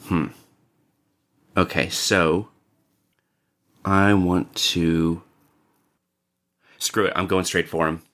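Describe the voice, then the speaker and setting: A man playing a tabletop game, deliberately talking through his moves. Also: low-pitched, flat delivery, a bit bright. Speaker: player.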